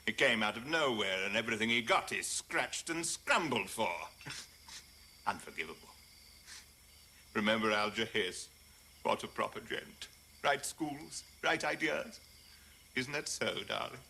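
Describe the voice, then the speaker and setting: An actor plays a bullying, sarcastic party host with a very bright, hard-edged voice that swings lively in pitch. He sneers and taunts his guests. A faint hum of background sound sits under him. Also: a little slow, vocal fry, pauses often, exaggerated voice. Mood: sardonic. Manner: sardonic, mocking rant. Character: scornful wealthy male host, bullying and sarcastic. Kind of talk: film drama acting.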